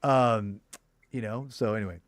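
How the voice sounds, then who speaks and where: A man's voice: fairly low pitch, measured pace, no room sound, studio quality. A man in his thirties, co-hosting a casual podcast chat, rambling with frequent restarts. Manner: rambling, lots of restarts and fillers. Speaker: podcast co-host.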